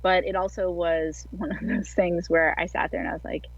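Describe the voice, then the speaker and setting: A woman with a lowish voice tells her story in a relaxed, chatty way, peppering it with filler words. She comes through a video call with dry, close sound. The audio is dull and lo-fi, with the muffled top end of an online call. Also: moderate pace, vocal fry, dry recording. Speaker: guest athlete. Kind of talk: casual storytelling interview.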